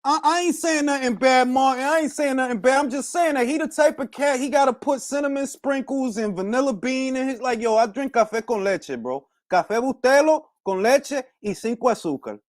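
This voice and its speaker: A man's voice: very high voice, a little fast, few pauses, no echo, clean studio sound. A man hosting a boxing talk podcast in a casual, profane rant full of street slang, slipping into Spanish phrases now and then. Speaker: podcast host.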